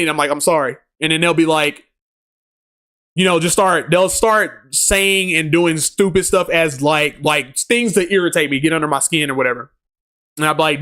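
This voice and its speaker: A man's voice: fairly high pitch, fast, a bit bright. A man streaming a game live, reading chat aloud in a laid-back, slangy way and laughing often.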